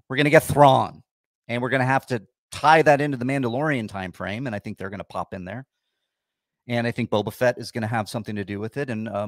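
A man's voice: mid-range voice, no echo, clean studio sound. A man hosting a casual livestream, chatting with viewers in a sarcastic, grumpy way. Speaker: livestream host.

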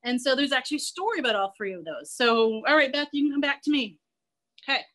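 A woman zoo educator leading an online class for children, playful and energetic, telling a myth and getting the kids to run and chant along. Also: high voice, fast talker.

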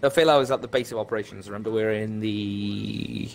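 A man's voice: fairly low pitch, fairly even intonation, a little fast, creaky. Giggly easygoing man hosting a game stream. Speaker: streamer host. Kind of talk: casual gaming banter.

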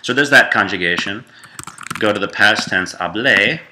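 A man's voice: on the low side, normal speed, noisy background. A man giving a casual grammar lesson, talking loosely with fillers and self-corrections. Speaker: Spanish teacher.

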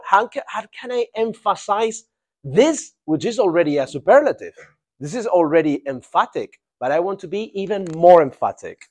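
In a live classroom grammar lesson, a man teaches English, repeating phrases, laughing, and checking that students follow. His high-pitched, darkish voice swings widely in pitch at a normal speed.

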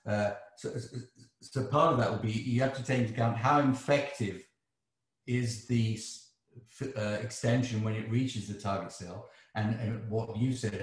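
An English man answering a seminar question, thinking aloud with halting restarts. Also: medium pitch. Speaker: seminar speaker. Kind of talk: academic Q&A answer. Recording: echoey room.

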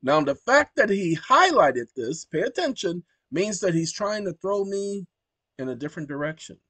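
A lively man talks through his screen share at his computer and speaks commands aloud to a voice assistant. His voice sits fairly high for a man, and the recording is close and dry with no room echo. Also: moderate pace, breathy edge. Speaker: channel host. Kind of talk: casual screen-share commentary.

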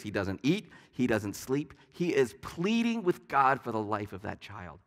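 A male pastor delivers a conversational sermon in a mid-pitched voice, weaving stories and asides into his preaching. The sound carries a long church-hall reverb. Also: very animated, a little slow, hardly any pauses. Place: church sanctuary.

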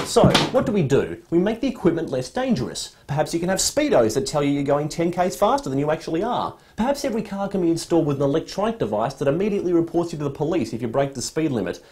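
Fast-talking, animated Australian man ranting. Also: fairly high pitch, a little hiss or hum. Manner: sarcastic, exasperated ranting. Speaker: comedy presenter. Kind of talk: satirical comedy rant.

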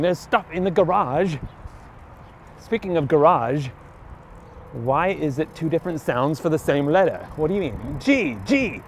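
A man riding a bicycle around town and talking to himself, arguing back and forth in two voices and drifting in and out of a half-British accent. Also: fairly high pitch. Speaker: vlogger. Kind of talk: rambling talk to himself while cycling. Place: outdoors on quiet town streets, riding a bicycle. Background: faint street and traffic noise.

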